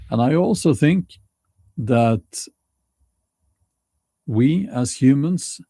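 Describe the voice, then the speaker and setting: A man with a Norwegian accent hosting his own video, thinking aloud in halting sentences with many restarts. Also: medium pitch, creaky, dark tone, no room sound, clean studio sound. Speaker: vlog host. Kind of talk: casual spoken commentary.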